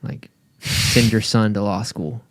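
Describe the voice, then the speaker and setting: A man's voice: on the low side, steady tone, slow, a little hiss or hum. A man co-hosting a casual podcast, losing his voice and rambling loosely with lots of fillers. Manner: laid-back, rambling with fillers. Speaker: podcast co-host. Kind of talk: casual chat.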